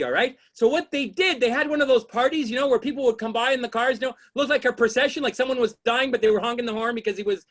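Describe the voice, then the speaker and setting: A man doing a stand-up comedy set, rambling through setups and shouting exasperated punchlines, often asking "you know what I mean?". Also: extremely high pitch.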